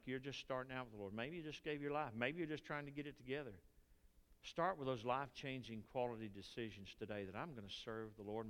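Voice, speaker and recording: A man's voice: mid-range voice, clean tone. An older man with a Texan accent preaching a conversational sermon, often checking in with the congregation. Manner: conversational preaching with frequent "are you with me" asides. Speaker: pastor. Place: church sanctuary. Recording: reverberant church hall with faint music.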